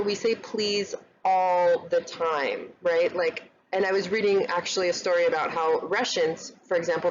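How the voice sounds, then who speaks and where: A woman teaching an online English grammar lesson, chatty and relaxed, often checking in with "right?". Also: lowish voice. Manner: casual, many fillers and "right?" checks. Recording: slightly dull lo-fi recording, faint noise.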